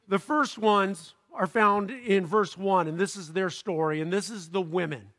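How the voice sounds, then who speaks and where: A middle-aged Southern California pastor preaches through a lively personal story, laughing at his own jokes. His voice is high and his pace unhurried.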